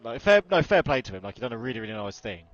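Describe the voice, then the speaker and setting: Cheeky co-commentator on a dull mic. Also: male voice, mid-range voice, sing-song, racing. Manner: teasing, cheeky banter. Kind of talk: casual live-stream commentary. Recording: dull lo-fi mic with faint noise.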